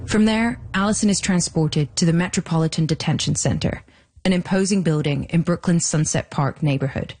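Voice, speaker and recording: A woman host giving measured, scripted narration for a documentary podcast. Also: fairly low pitch, darkish tone.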